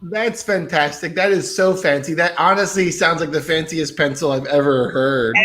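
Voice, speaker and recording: A man's voice: fairly high pitch, moderate pace, a bit bright. A male co-host bantering playfully in a casual comedy chat on a video call.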